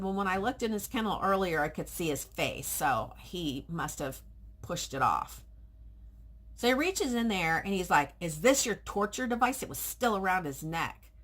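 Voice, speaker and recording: Husky woman telling a lively story. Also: lowish voice. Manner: animated retelling, quoting both sides of conversations. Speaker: pet groomer and vlogger. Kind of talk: casual storytelling vlog.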